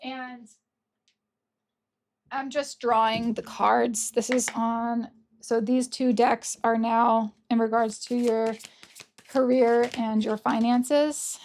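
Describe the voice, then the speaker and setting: A woman doing a casual, gentle pick-a-card tarot reading, gushing over the cards and openly emotional. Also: fairly high pitch, fairly even intonation, takes it slowly. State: tearful at times. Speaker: tarot reader.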